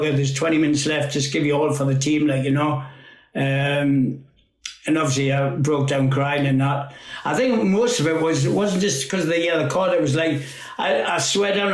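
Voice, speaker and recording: Man, 50s, guest storyteller, a touch high-pitched, rambling and sweary, roomy echo. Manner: rambling, laughing, swears freely. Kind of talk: casual storytelling chat.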